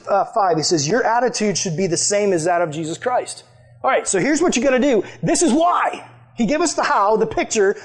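High-voiced man preaching to youth. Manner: emphatic, conversational preaching. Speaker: youth pastor. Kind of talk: youth group sermon.

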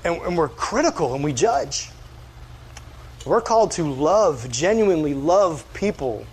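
Male pastor, high voice, earnest conversational sermon. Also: expressive, a little slow, a little hiss or hum.

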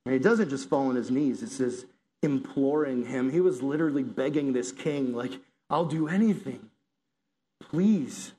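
A man's voice: medium pitch, normal speed, mellow. A man preaching a sermon to a congregation, earnest and building to intense emphasis.

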